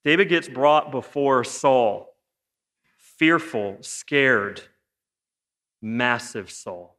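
A man preaching a sermon in a lively, joking way, firing off rhetorical questions. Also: medium pitch, drawn-out words. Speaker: pastor. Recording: long hall reverb.

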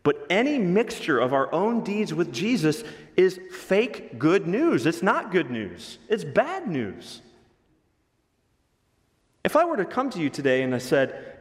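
A man's voice: on the high side, very animated, unhurried. A man preaching a sermon as pastor to his congregation, emphatic and swinging his pace for emphasis. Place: church sanctuary. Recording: reverberant hall.

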